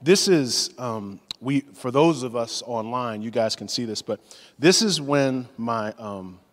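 A man in his forties preaching a sermon, telling stories in a lively way and acting out the voices of the people in them. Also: mid-range voice, measured pace. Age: 40s. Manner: animated storytelling, acts out voices. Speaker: pastor. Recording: long hall reverb.

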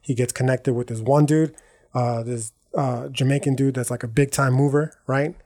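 A man with a darkish, steady mid-range voice hosts a podcast at an even pace. He rambles through a profane, slang-heavy monologue, correcting himself and tossing in "right?" and "dog" to check in.

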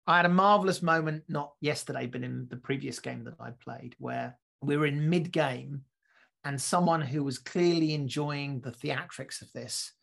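A man co-hosting a podcast, telling stories in a lively, casual way and often restarting and repeating words as he thinks. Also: a little high, moderate pace, creaky. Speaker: podcast co-host.

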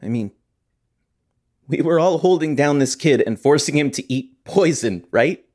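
A man's voice: on the high side, expressive, unhurried, darkish tone. A young man playing a defensive teen hockey player. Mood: guilty. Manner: rambling, keeps seeking agreement. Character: defensive teenage boy hockey player, guilt-ridden. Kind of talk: theatre monologue.

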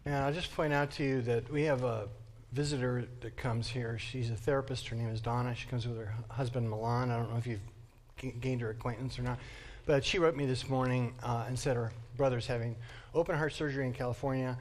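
A man's voice: medium pitch, steady tone, fairly quick. Man, lecturer, conversational, thinks aloud, church classroom.

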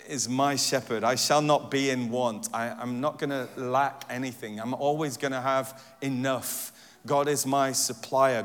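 Preacher in a reverberant hall. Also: male voice, mid-range voice. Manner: repeats verses, stressing different words in turn; gentle, reflective teaching tone. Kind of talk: sermon. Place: church hall. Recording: long church-hall reverb.

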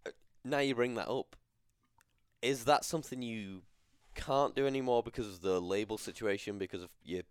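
A man's voice: medium pitch, normal speed, smooth, no echo. A man co-hosting a podcast, chatting casually with laid-back short replies. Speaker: podcast co-host. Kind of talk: casual chat.

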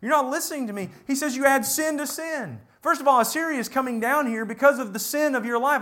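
A man's voice: extremely high pitch, a bit bright. A man preaching a sermon, reading scripture passages and explaining them, at times voicing the speakers in the text. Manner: reads scripture aloud and explains it, voicing God and the people in quotes.

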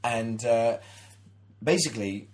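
A man's voice: mid-range voice, slow. Man telling a rambling anecdote. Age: 30s. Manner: animated storyteller, many restarts, acts out quotes. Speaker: podcast co-host. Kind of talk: casual chat, anecdote.

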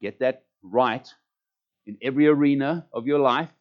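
A man's voice: mid-range voice, normal speed. South African male pastor, emphatic preacher who repeats words, muffled lo-fi recording. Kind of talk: sermon. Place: church service. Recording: dull lo-fi recording.

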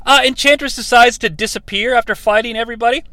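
A man's voice: very high-pitched, fast talker, no echo. A man hosting a podcast, giving a sarcastic, profane, comedic recap of a movie. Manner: sarcastic, profane, animated retelling. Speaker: podcast host.

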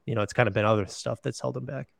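A man guesting on a sports podcast talks things through in a loose, thoughtful way, padding his points with "you know" and "like". His voice sits at an ordinary middle pitch. The sound is dry and close. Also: steady tone, very fast, gravelly, dry recording. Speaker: guest, beat writer. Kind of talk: casual podcast interview.

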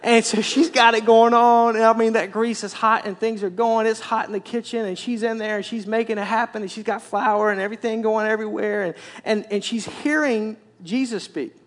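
Male pastor, sermon, high voice for a man, animated storytelling, repeated emphatic phrases. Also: brisk, hardly any pauses.

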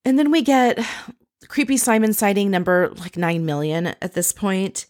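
A woman's voice: mid-range voice, steady tone, moderate pace, darkish tone, dry recording, clean studio sound. A woman hosting a casual, chatty recap with wry, sarcastic asides. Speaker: podcast host recapping a reality show.

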